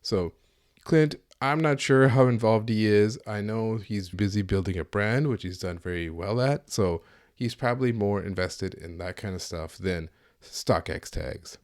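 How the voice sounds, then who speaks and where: A low-voiced man hosting a solo podcast, with a dry, close sound and no room echo. He talks in an opinionated, sardonic way, ranting through his points with a casual edge. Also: a little slow, a little mellow. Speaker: podcast host.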